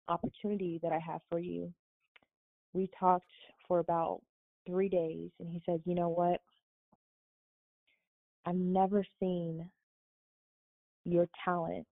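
Young woman guest from Florida, casual storyteller, slightly low voice, tinny phone-line sound. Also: no echo. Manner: animated, quotes others, laughs often.

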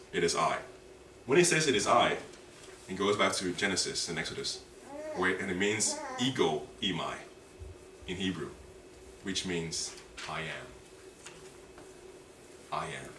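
A man preaching a sermon in a church, animated and dramatic, repeating key phrases and drawing responses from the congregation. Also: deep voice. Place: church hall. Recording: echoey hall, distant mic, background noise.

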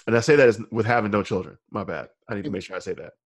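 A man's voice: lowish voice, racing, dry recording. A man co-hosting a podcast in casual chat, rambling loosely with restarts and laughing often. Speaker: podcast co-host.

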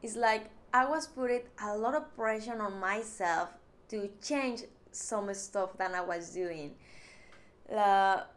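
A Mexican-accented woman speaks English at an unhurried, deliberate pace. Spanish is her first language, and she searches earnestly for her words. She talks to camera in a personal vlog. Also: medium pitch, a bit bright.

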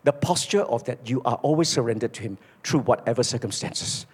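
A man preaching a sermon, telling stories and dropping low and soft on his key points. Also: fairly quick, few pauses, breathy edge. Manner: storytelling, emphatic, drops low for key points. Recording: echoey hall.

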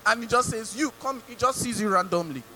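A man's voice: high-pitched, fast, bright, forceful tone, slight background noise, rough recording. A male pastor with a Nigerian English accent preaching a sermon, mimicking people and asking the congregation rhetorical questions.

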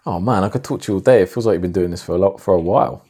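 A man hosting a podcast, telling a long story in a rambling, animated way. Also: sits low, rapid-fire, breathy edge. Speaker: podcast host. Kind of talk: casual podcast chat.

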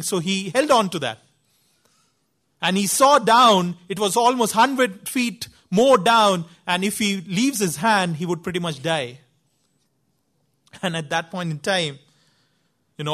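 A man preaches a sermon at a slow, deliberate pace. His voice sits fairly high, and he stresses words emphatically as he tells the story. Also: bright, forceful tone.

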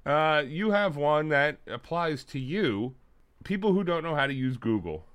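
A man's voice: a little high, measured pace, clean tone. A man co-hosting a podcast, telling stories in a casual comedic chat and swearing freely. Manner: animated storyteller, mimics people loudly. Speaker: podcast co-host.

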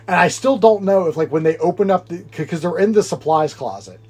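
A man with a slightly higher voice co-hosts a casual podcast, rambling through a movie recap. He laughs often and acts out lines from the film as he goes. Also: lively intonation, fairly quick, a little mellow, husky. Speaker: podcast co-host.

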